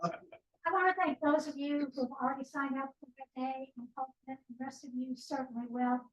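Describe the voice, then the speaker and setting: High-voiced woman in an echoey room. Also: steady tone, normal speed, recorded from a distance, muffled recording. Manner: plain explanatory, with asides. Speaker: guest speaker, nonprofit board president. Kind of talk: presentation at a team meeting. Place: office meeting room. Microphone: distant room microphone.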